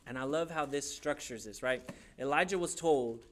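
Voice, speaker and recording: A man's voice: medium pitch, normal speed. A young adult man preaching a sermon, telling stories with playful put-on voices. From grew up in a Hispanic church community. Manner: animated storytelling with playful voices. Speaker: pastor.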